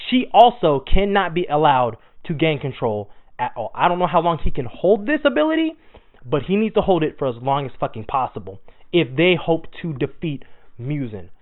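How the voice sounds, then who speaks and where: A young man with a fairly high voice rattles through a manga chapter recap in loose slang, swearing as he goes. The audio is thin and tinny, like it came through a phone line. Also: moderate pace. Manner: animated, slangy, swears freely. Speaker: anime manga reviewer. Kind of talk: casual profane chapter recap.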